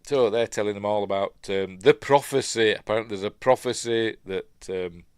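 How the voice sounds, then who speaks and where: Yorkshire-accented man, chatty film reviewer, self-correcting, low pitch, dry room. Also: normal speed, clean tone, no room sound. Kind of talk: casual film breakdown chat.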